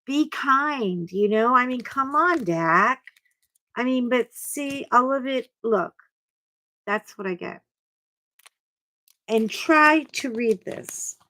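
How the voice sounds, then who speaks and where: A woman's voice: a little high, expressive, slow pace, long pauses, bright, forceful tone, low-quality recording. An older woman hosting a crafting channel, chatting casually to camera in a rambling, self-deprecating way. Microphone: clip-on mic that keeps bumping.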